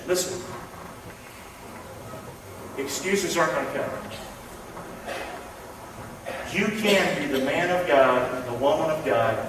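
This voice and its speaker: Male pastor, high voice, call-and-response sermon, distant and roomy, reverberant sanctuary. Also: a little hiss or hum. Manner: call-and-response preaching, swings from loud to hushed. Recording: echoey hall from far off.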